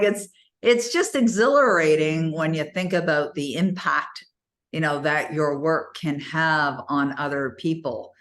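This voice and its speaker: Low-voiced woman telling lively stories. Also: a little slow. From Canada. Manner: animated, acts out dialogue with big pitch jumps. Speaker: host, author coach. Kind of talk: casual storytelling talk.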